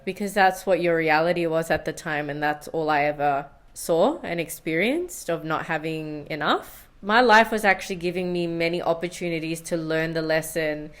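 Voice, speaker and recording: A woman in her thirties telling a candid, confessional story in a vlog, often laughing at herself. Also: on the low side. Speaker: science vlogger.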